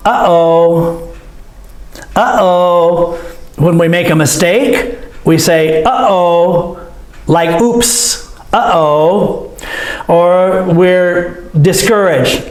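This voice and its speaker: A man teaching a language lesson, slowly acting out each sound he explains. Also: high voice. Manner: slow, demonstrative, acts out each sound. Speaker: English teacher. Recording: echoey room.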